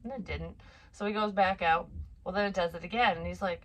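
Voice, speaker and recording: A woman's voice: mid-range voice, fairly even intonation, a little fast. A woman in her forties, a psychic medium, casually telling a personal story in a frank, profane, rambling way. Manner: chatty, rambling with asides.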